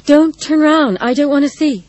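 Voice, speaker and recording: A woman voicing a frightened young woman whose questions come out shrill and shaking. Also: a little slow, dark tone, breathy edge, no room sound. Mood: panicked. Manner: shrill, shaky, pleading.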